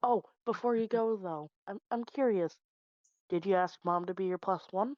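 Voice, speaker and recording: A woman's voice: mid-range voice, moderate pace, no echo, muffled recording. A woman playing a tabletop role-playing game, playfully voicing her character. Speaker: player.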